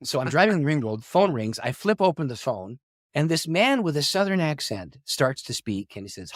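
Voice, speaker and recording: Lively animated male storyteller. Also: a little high, normal speed, dry recording, clean studio sound. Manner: animated storyteller, acts out quoted dialogue, laughs often. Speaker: pastor and author, podcast guest. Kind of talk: storytelling interview.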